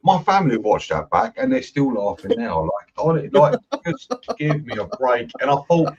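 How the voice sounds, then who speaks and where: A man guest, excitable and rambling, repeating his words. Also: medium pitch, normal speed, few pauses, slight background noise. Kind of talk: casual chat. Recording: muffled lo-fi mic.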